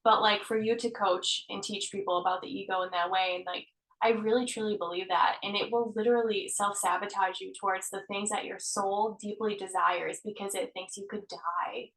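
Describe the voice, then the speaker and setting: An earnest woman guest talks about healing in lively, open conversation, laughing often and dropping the odd curse. Her voice sits at a middle pitch and carries a noticeable roomy echo. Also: brisk, few pauses. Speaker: healer and guest. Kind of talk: casual conversation.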